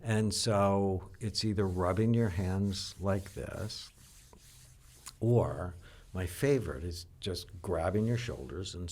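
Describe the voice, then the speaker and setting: An older man, a psychiatrist, explaining and telling stories in an animated, teacherly way during an interview. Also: deep voice, creaky. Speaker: psychiatrist guest. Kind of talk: interview conversation.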